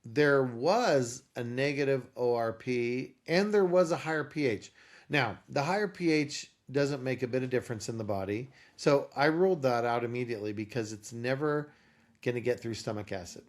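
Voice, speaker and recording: A man's voice: medium pitch, normal speed. A man, a podcast guest, telling a long personal story and acting out the conversations in it. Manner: animated storyteller acting out dialogue.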